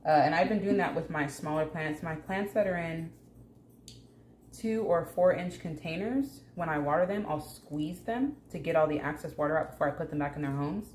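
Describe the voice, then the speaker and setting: A low-pitched woman talks casually through her plant care, joking and chatting to the plants as she works. Her voice rings in an echoey room at home. A faint hum sits under it. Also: normal speed, darkish tone. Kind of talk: casual hands-on vlog chat.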